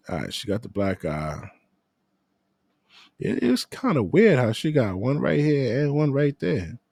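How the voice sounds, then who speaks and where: A man's voice: medium pitch, a little mellow, no room sound, clean studio sound. A man hosting a reaction commentary, blunt and crude with heated asides. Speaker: reaction host.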